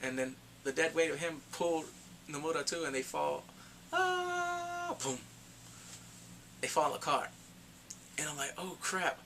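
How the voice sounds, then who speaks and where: A man giving a casual spoken movie review, retelling the plot excitedly and acting out the characters' lines. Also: fairly high pitch, moderate pace, vocal fry, pauses often, background noise.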